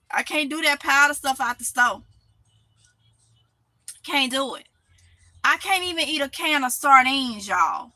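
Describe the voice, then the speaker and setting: A woman's voice: high voice, bright, forceful tone, no echo, poor audio. A woman with a Mississippi Southern accent, hosting a live stream from a greenhouse, chatting casually and answering comments with laughs. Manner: chatty, talks back to comments, laughs often. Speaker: channel host reading live chat.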